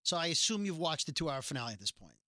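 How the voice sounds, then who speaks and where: A man co-hosting a chatty podcast, his voice bright and a little high. He is recorded dry and close, with no room sound. He reads quotes aloud and undercuts them with wry jokes. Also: big pitch swings, very fast, no echo. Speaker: podcast co-host. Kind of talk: casual podcast chat.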